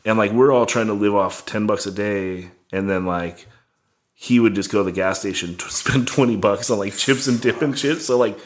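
A man's voice: lowish voice, moderate pace. A young man casually telling a rambling, profane tour story, full of "like" and laughs. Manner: rambling, heavy on "like", swearing, laughing.

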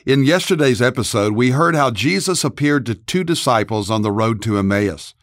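Man, pastor, host, scripted intro, earnest, measured, dry close sound. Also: mid-range voice, dry recording.

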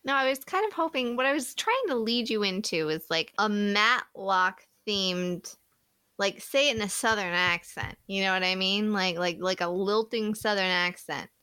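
A woman's voice: mid-range voice, lively intonation, normal speed, bright, forceful tone, smooth, no room sound. Brief: playful woman co-host, keen tone, needling her partner, dry studio sound. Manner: teasing, laughs often. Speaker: podcast co-host. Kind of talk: casual comedic chat.

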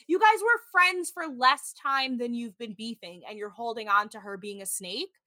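Bright, chatty woman host. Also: fairly high pitch, moderate pace, few pauses, dry recording. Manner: chatty, heavy use of "like", mimics people in quotes. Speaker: podcast host recapping a reality show. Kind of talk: casual chat.

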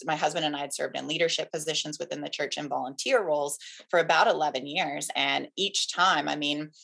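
A woman's voice: deep voice, steady tone, a little fast, gravelly, pushed and bright, husky. A woman pastor who is a guest on a faith podcast, speaking in a thoughtful, candid way and laughing easily. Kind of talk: conversational interview.

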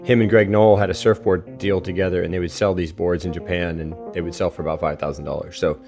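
Low-voiced man telling a casual story. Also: fast, faint music behind. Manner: relaxed storytelling with fillers and quoted dialogue. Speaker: interviewee, professional surfer. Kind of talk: casual anecdote.

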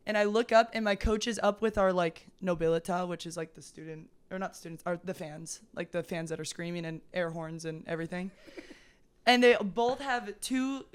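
A young woman, a volleyball player and podcast guest, telling a lively story in casual chat. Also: on the low side, moderate pace, smooth.

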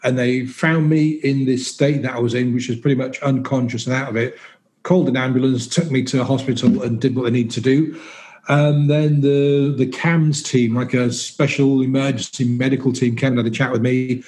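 A man's voice: medium pitch, fairly even intonation, moderate pace, a little mellow. A man in his sixties, a guest telling a personal story in candid, self-deprecating conversation, often restarting his sentences.

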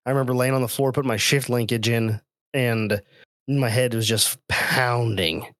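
A man's voice: mid-range voice, moderate pace, no room sound, studio quality. Chatty man telling a story on a podcast. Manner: storytelling, animated, laughs often. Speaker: podcast co-host. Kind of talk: casual chat. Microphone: remote call microphone.

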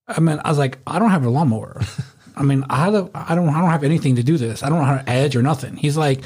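A man with a slightly husky voice tells an old story in casual chat. He swears freely and his voice sits a bit high. He keeps the telling loose and chatty. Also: fast talker, darkish tone. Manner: swears freely, laughs through his stories. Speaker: former bouncer.

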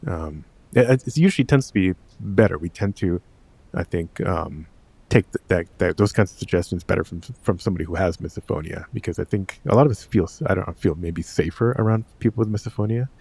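A man hosting a podcast, halting and hesitant as he talks to his guest. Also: deep voice, gravelly, a little mellow, slightly rough, no room sound. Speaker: podcast host. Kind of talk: podcast interview.

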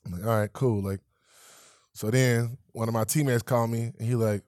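A relaxed man in his thirties, a guest in an interview, tells a story in a loose, profane way. He acts out the quoted lines with lively voices. His voice sits at a middle pitch and is recorded close and dry, with no room sound. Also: normal speed, long pauses, dry recording. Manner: laid-back, swears freely, acts out quotes, laughs while telling. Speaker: guest, professional athlete.

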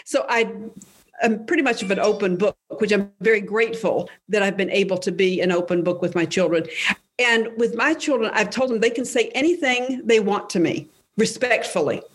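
An older woman, a guest author, speaking candidly and reflectively about her life in a faith-based interview. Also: medium pitch.

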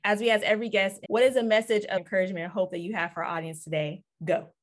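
A woman's voice: mid-range voice, rapid-fire. A woman hosting a podcast interview, bubbly and effusive in casual chat. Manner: bubbly, effusive, says "so excited" often. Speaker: podcast host.

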